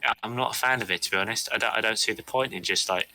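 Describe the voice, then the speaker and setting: A man's voice: fairly low pitch, very fast, sharp tone, a little hiss or hum. A man voicing a young, filthy, naive hobgoblin who talks in an earnest, clueless, oddly formal way. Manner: earnest, wide-eyed, formal yet clueless.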